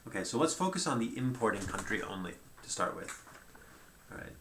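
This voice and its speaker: A man's voice: lowish voice, big pitch swings, a little fast, a bit bright, roomy sound, a little hiss or hum. A man giving a conversational lecture at a whiteboard, thinking aloud and checking in with "right?" as he goes.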